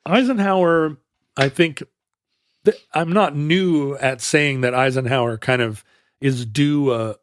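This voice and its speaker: A man's voice: on the high side, unhurried, slight background noise. A man co-hosting a podcast, explaining history in a rambling way, often correcting himself mid-sentence. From United States. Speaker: podcast co-host. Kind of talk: casual chat.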